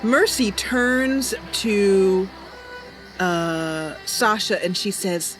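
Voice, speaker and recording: A woman host chats casually over her gameplay livestream, rambling and answering viewers' messages. She speaks slowly with a lively, rising and falling tone. Music plays behind her. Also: mid-range voice. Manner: chatty, rambling, full of fillers, reads out chat. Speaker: streamer.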